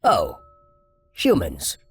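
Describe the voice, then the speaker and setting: A man's voice: deep voice, wildly swooping pitch, drawn-out words, vocal fry, breathy edge, no echo, heavily acted. A man voicing a friendly, sassy alien robot with a light digital voice in an audiobook. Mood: playful. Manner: light-hearted, playful. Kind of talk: audiobook character voice.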